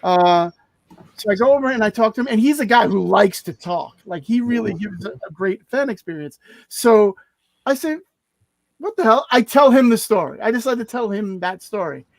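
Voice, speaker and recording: A man co-hosting a podcast, telling a long personal story in a casual, animated way and acting out the people he quotes. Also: moderate pace, no room sound, poor audio. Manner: animated, acts out quotes with raised pitch. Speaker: podcast co-host.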